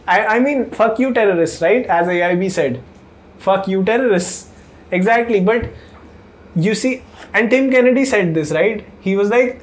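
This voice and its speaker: A man's voice: sits high, moderate pace. A young man, chatting casually on a podcast, laughing often and swearing freely. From India.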